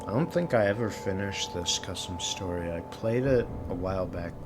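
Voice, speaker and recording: Brief: low-voiced guy, casual gameplay commentary, meandering, faint noise behind. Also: moderate pace. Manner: rambling, full of fillers and restarts. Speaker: gaming channel host.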